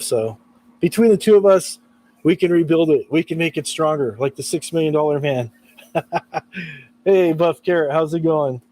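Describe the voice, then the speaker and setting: A man's voice: a little high, dark tone, rough recording. A man chatting casually on a live stream about guitar repair, laughing often and reading out chat messages.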